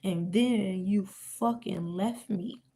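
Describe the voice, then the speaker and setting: A woman's voice: mid-range voice, takes it slowly, mellow. A woman reading aloud the lines of a hurt young woman who confronts her ex indignantly and curses. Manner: indignant, cursing.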